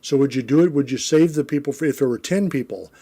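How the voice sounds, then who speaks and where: Mellow-voiced man teaching a Bible lesson. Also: medium pitch, fast. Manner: relaxed, conversational, frequent fillers and self-corrections. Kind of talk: Bible lesson, reading and explaining scripture.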